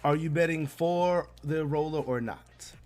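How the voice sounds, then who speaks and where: A man's voice: a little high, measured pace, a little mellow, soft background music, close to an everyday voice. Man doing a curt formal casino dealer, businesslike.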